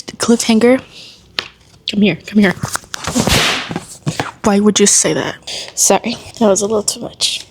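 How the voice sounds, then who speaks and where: A woman book vlogger chatting at home in an animated, exclamatory way, swearing freely as she reacts. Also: mid-range voice, breathy edge, no echo. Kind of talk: casual reading vlog.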